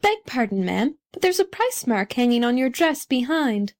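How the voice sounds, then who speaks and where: A woman's voice: fairly high pitch, very animated, normal speed. A woman voicing a polite passer-by on the street.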